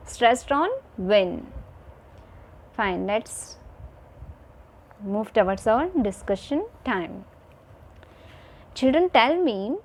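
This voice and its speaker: A woman's voice: on the high side, darkish tone. A woman teacher giving a recorded video lesson to children, repeating each point and checking in with "fine" and "okay".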